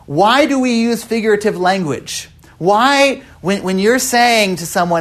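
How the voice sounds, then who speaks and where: A man with a slightly breathy voice leads a Bible study lesson. He often repeats words as he searches for the next phrase. He keeps turning to the group with questions. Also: high voice, animated, normal speed, a bit bright.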